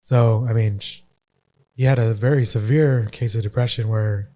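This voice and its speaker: Mellow, flat-voiced male podcast host. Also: medium pitch, moderate pace. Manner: probing, thoughtful questioning. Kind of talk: casual interview.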